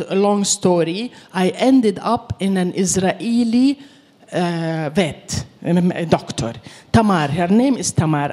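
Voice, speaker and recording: A middle-aged woman from Palestine giving a humorous storytelling talk to an audience, acting out the dialogue with sudden jumps in her voice. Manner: animated, acts out dialogue with jumps in pitch. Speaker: guest speaker. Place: lecture hall before an audience.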